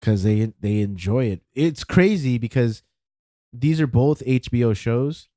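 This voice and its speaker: A man co-hosting a podcast with a mellow, dark voice. He rambles through his points, repeating words and leaning on fillers while he works out his thoughts. The recording is dry and close. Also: mid-range voice, animated, measured pace, no echo. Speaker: podcast co-host. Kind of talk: casual chat.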